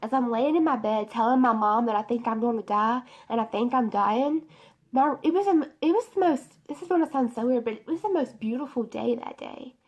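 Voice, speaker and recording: A woman's voice: fairly high pitch, fairly quick, a little mellow. A young woman telling a personal testimony story in a rambling, emotional way, full of fillers, in her bedroom. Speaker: beauty vlogger.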